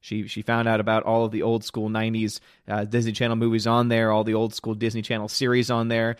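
A man's voice: fairly low pitch, monotone, fast talker, smooth, no room sound, studio quality. A man hosting a casual live stream, greeting viewers by name and giving blunt, opinionated commentary. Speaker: livestream host reading chat.

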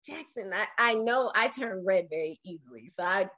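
A woman in her forties, a podcast interview guest, telling her own life story in an animated, emotional way with frequent restarts. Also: medium pitch, moderate pace.

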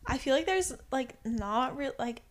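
A young woman in casual chat with friends, relaxed and filling her talk with "like". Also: sits high, measured pace. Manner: relaxed, heavy use of "like".

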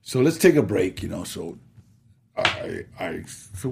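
A middle-aged man, an actor being interviewed, telling stories in a gravelly, husky voice, acting out quotes and laughing as he goes. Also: sits low, measured pace, background noise. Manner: animated storyteller, acts out quotes and laughs. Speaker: actor guest. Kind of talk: storytelling interview.

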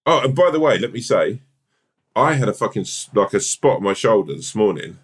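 Animated sweary man. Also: fairly low pitch, a little fast, husky. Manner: animated, swears often, rambling restarts. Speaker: podcast co-host. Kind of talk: casual chat.

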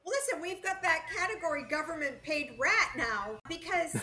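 A woman's voice: very high-pitched, expressive, moderate pace, a loud crowd. A woman co-hosting a podcast, talking bluntly and swearing freely in casual chat. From Rhode Island, USA. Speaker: podcast co-host.

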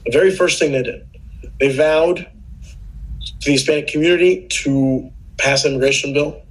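A man's voice: on the high side, normal speed, poor audio. A man, a podcast guest, explaining immigration policy in casual political chat, earnest and patient, often restarting his sentences.

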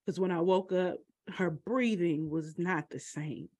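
A woman telling a personal story, halting and emotional, with many pauses and fillers. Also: on the low side, darkish tone, dry recording.

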